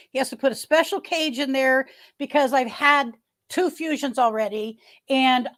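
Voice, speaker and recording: High-voiced chatty woman livestreaming. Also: fairly bright tone. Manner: rambling, chatty, frequent restarts and fillers; greets viewers by name. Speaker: livestream host. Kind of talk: casual livestream chat. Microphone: webcam.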